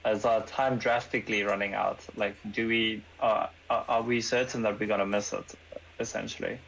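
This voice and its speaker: A man's voice: on the low side, steady tone, moderate pace, vocal fry, fairly bright tone, slight background noise, low-quality recording. A man playing a tabletop game, speaking hesitantly as he works through his options. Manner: hesitant, many fillers and restarts. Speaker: player. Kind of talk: casual game chat.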